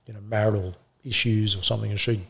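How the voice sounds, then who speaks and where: A middle-aged man, a former police officer, telling his story in an interview with blunt swearing and halting restarts. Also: lowish voice, steady tone, creaky, a bit bright, husky. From Australia.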